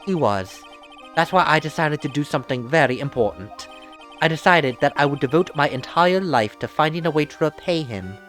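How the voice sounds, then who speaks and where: A woman playing a gentle young male circus acrobat from a video game. The voice is pushed low and stays earnest and mild. Faint game music hums under it. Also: expressive, normal speed.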